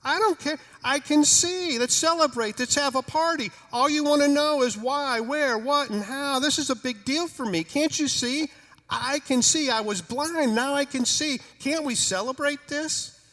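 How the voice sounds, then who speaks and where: A preacher putting on a healed young man, high-pitched and bursting with loud, excited exclamations. The voice rings out with a long echo through a church hall. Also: a little slow, full character voice. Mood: jubilant. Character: joyful formerly blind young man, exuberant.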